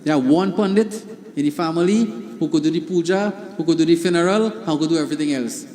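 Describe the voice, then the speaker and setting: A man's voice: on the high side, fast, dark tone. A middle-aged man with a Trinidadian accent preaching a sermon as a pandit, repeating key phrases for emphasis and chanting short mantras. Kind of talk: sermon at a satsang. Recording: long hall reverb.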